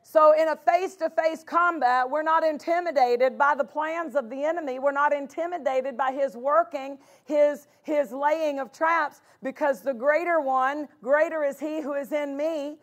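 High-voiced woman pastor preaching emphatically. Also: moderate pace, hardly any pauses. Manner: emphatic preaching, repeats key phrases. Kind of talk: sermon.

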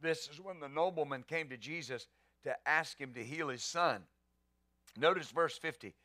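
A man's voice: fairly high pitch, moderate pace, pushed and bright, no room sound. A man pastor preaching a sermon, emphatic, asking rhetorical questions and answering them.

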